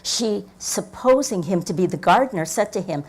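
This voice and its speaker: A woman's voice: mid-range voice, animated, moderate pace, hardly any pauses, a little mellow. An older woman pastor giving a reflective sermon in a church, reading scripture and telling stories, often dropping her voice to near whispers for emphasis. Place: church sanctuary.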